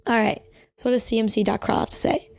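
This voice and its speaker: A woman's voice: fairly high pitch, little pitch movement, fast talker, vocal fry, a little mellow. A young woman hosting a casual advice podcast, chatty and reflective, giving reassuring advice with frequent filler words. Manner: chatty and reflective, with frequent "you know" and self-corrections. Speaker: podcast host.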